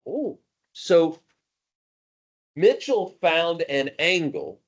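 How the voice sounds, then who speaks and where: Animated, higher-voiced male math teacher. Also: drawn-out words. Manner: animated, jokey, calls on students by name. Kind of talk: classroom lecture. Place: classroom.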